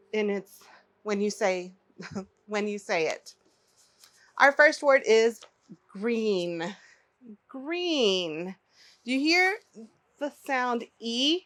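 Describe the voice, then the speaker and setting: A woman teaching phonics to young children, pronouncing each word slowly and clearly and inviting the listener to repeat it. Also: medium pitch, a bit bright. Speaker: early-learning teacher.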